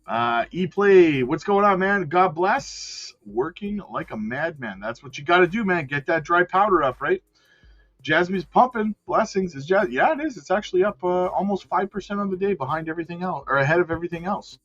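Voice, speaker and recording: A man hosts a live crypto stream with loud, slangy energy, calling out viewers by name. His voice sits a little high, and the sound is dry and slightly dull. Soft music plays underneath. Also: expressive, moderate pace. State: out of breath. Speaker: crypto livestream host. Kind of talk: casual live-stream chat.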